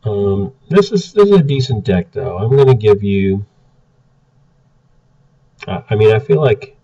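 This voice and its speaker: A man's voice: fairly low pitch, expressive, unhurried, warm tone. A man giving blunt, exasperated casual commentary as he reviews card game decks. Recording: muffled, distant from the mic.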